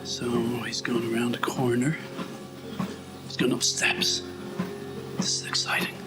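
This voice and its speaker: An Irish man talks at an unhurried, drawn-out pace, rambling and poking fun at himself as he exercises on a treadmill. He often drops into murmured asides under his breath. Calm instrumental music plays loudly underneath him. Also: mid-range voice, whispered, poor audio. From Ireland. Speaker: video blogger. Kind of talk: musing commentary while exercising. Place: indoors on a treadmill.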